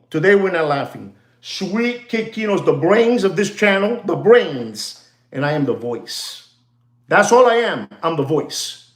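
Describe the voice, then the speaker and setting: Male host, rambling streetwise monologue; high, very lively pitch. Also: reverberant. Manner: animated, streetwise banter mixed with Spanish slang. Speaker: channel host.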